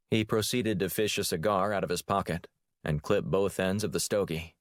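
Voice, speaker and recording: A male audiobook narrator with a deep voice reads scripted narration steadily at a moderate pace. The sound is close and dry.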